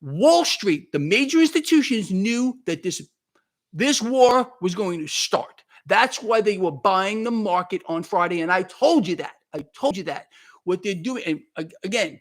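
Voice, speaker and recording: A man's voice: high voice, lively intonation, a little slow. A man hosting a livestream, ranting in a heated, worked-up way, repeating himself and thanking viewers by name. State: worked up and sweating. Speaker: market commentary livestream host.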